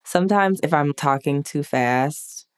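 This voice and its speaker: Low-voiced woman telling stories. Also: unhurried, clean tone. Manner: chatty, frequent "like" fillers. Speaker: podcast guest. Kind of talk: casual conversational storytelling.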